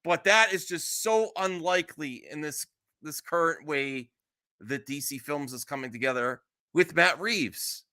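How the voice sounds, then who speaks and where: A man hosts a casual live stream and talks in a bright, tense, cutting voice that sits a little high for a man. He is blunt and exasperated, swearing freely as he answers his chat. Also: a little slow. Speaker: streamer host.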